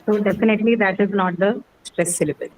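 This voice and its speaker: A woman's voice: mid-range voice, fast talker, rough recording. Patient woman teaching English stress. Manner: patient, asks questions, repeats words. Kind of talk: classroom lesson.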